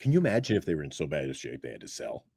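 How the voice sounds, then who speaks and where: A man co-hosting a casual sports talk show, telling stories in an animated, sarcastic way. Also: rapid-fire, creaky, breathy edge, no echo. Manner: animated, sarcastic storytelling with big swings of pitch. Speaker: podcast co-host.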